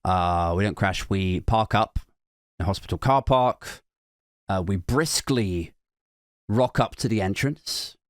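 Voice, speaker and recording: A man, a podcast host telling a comic story in a sweary, animated way, acting out other people's voices. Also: fairly low pitch, a little slow, dry recording, studio quality. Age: 40s.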